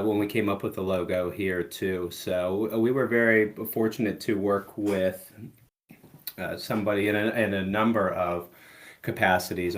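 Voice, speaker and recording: A middle-aged man, a musician guest in a casual interview, talking in a relaxed, rambling way full of fillers. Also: fairly low pitch. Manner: relaxed, rambling, many "you know" fillers.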